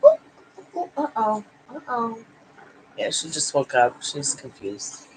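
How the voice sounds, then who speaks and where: Woman host, home livestream, chatty, slips into soft baby talk for her pets, faint hum behind. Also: mid-range voice, wildly swooping pitch, slow pace. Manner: cooing baby talk to her dogs between chat replies. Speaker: livestream tarot reader. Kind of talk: casual livestream chat. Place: home, by the couch.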